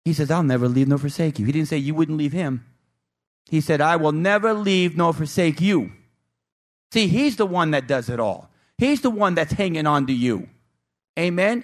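Emphatic preaching man. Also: sits high. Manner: emphatic, repetitive, calls for "Amen". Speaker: pastor. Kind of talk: sermon.

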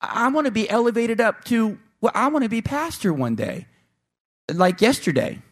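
Male preacher playing a high, stammering, whiny congregant. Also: very animated, normal speed, heavily acted. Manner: stammering, pleading. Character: impatient, whiny churchgoer wanting blessings now.

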